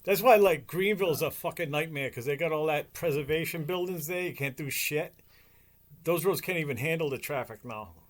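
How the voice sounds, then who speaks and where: A man's voice: fairly high pitch, fairly quick. A man from Rhode Island co-hosting a podcast, talking bluntly and casually, swearing freely and teasing his friends. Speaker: podcast co-host. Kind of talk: casual chat.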